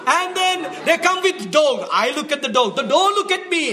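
A man from India with an Indian accent, telling an earnest, emotional faith testimony as a missionary brother, often laughing, then dropping soft and low. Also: very animated, normal speed, few pauses, a crowd in the background, background noise.

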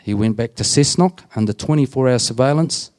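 A man's voice: mid-range voice, fairly quick, a little mellow. A man with an Australian accent, a prison chaplain telling plain-spoken stories to a group and retelling conversations. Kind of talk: storytelling talk to a group.

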